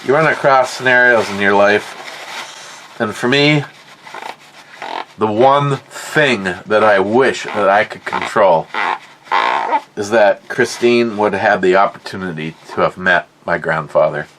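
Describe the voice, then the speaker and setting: A man's voice: on the low side, slow pace, pauses often, a bit bright, slight background noise. A middle-aged man telling a rambling, profane story in a casual way, often repeating his words. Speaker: podcast host.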